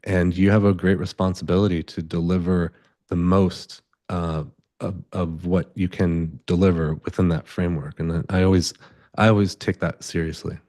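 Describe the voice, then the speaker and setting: A man with a low, slightly mellow voice and little pitch movement speaks at a moderate pace. He's a photographer giving an interview on an event space stage, telling rambling stories full of restarts and acted-out dialogue.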